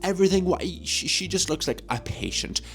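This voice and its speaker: A man's voice: sits high, big pitch swings, brisk, vocal fry, faint music behind. A man chatting casually in a movie vlog, joking and swearing freely, recorded on a phone mic. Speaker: movie review vlogger.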